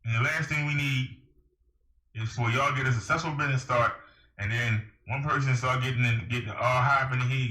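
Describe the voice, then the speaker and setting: A man's voice: medium pitch, steady tone, moderate pace, long pauses, bright, forceful tone. A man delivering a preachy, emphatic monologue to camera, firing rhetorical questions at the listener. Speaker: vlogger giving advice. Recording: echoey room.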